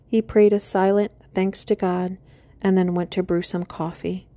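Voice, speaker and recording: A woman calmly narrating an audiobook in a measured storytelling manner. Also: mid-range voice. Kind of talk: scripted narration.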